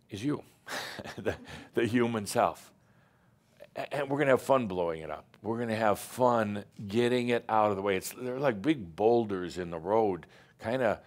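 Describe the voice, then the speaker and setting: A man giving a channeled spiritual address to a live group, emphatic and playful, with rhetorical questions and halting restarts. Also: on the low side. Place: gathering room with online audience.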